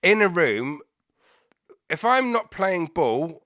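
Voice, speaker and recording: Sweary, animated man telling a story. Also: high voice, slow pace, no echo, studio quality. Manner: swears a lot, laughs often, acts out both sides of chats. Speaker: podcast guest. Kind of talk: casual storytelling chat.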